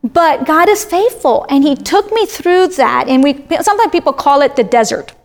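A woman's voice: high-pitched, lively intonation, normal speed. A woman from Florida, a self-described talker, animatedly sharing a personal faith testimony in conversation.

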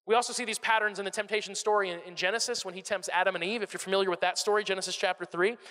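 A man preaching a sermon in a high, bright voice, chatty and animated, doubling up his words as he gets going. The sound carries a long reverb from a church hall. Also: very fast. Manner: conversational, animated, repeats words when starting phrases. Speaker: pastor.

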